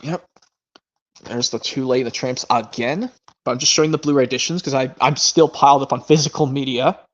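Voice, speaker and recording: A man hosting a casual chat stream about his movie collection, talking in a rambling way with quick asides. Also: mid-range voice, steady tone. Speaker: stream host. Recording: lo-fi stream audio.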